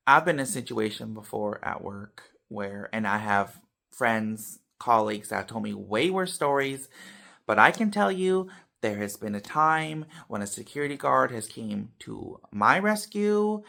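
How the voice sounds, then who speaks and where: A man with a creaky, medium-pitched voice talks casually to camera, vlogging a story for his viewers. His delivery swings animatedly from loud to soft, and he tags lines with "you know" and "okay."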